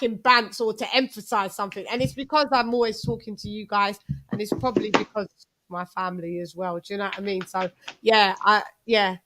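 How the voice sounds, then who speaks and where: A woman from England hosts a casual live-stream chat. Her London accent drifts into American and Jamaican twang as she talks. Her voice sits a little high, and she is chatty and quick to laugh. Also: sharp tone. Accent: London English mixed with American and Jamaican twang. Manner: chatty, laughs often, code-switching slang. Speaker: host.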